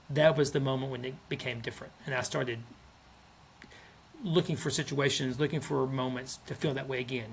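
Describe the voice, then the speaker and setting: A man in his fifties, a school principal, speaking in a gentle, earnest way during a podcast interview, often restarting his sentences. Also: medium pitch, gravelly, a little hiss or hum. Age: 50s.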